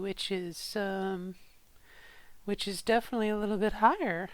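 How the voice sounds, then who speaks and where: A woman's voice: mid-range voice, steady tone, moderate pace, no echo. A middle-aged woman in a casual vlog, thinking aloud in an unsure way and often restarting her sentences. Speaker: vlogger.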